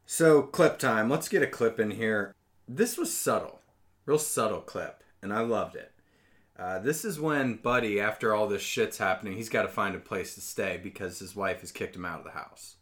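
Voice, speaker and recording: A man co-hosting a casual podcast, animated and profane, breaking into loud mock voices. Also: fairly low pitch, moderate pace. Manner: animated, swears a lot, shouts mock voices. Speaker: podcast co-host.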